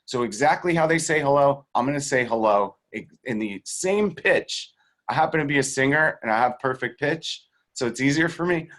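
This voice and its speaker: A man being interviewed as a sales coach, teaching in a casual, animated way and acting out the voices of the people in his stories. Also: a little high, fairly quick. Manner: animated storyteller who acts out quoted voices; swears casually and laughs between points. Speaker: guest real estate sales coach.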